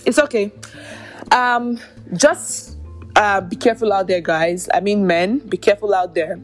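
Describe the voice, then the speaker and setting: A woman, exasperated and incredulous as she picks apart an online spat. She talks straight to her listeners in a mid-range voice, with soft music playing behind her. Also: mid-range voice, a little slow. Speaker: podcast host. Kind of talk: commentary on social media drama.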